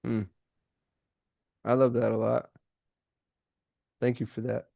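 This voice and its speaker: A man hosting a live call-in business show, talking in an excitable, rambling way with many restarts over a video call. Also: mid-range voice, takes it slowly, creaky. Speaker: host. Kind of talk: casual live show chat.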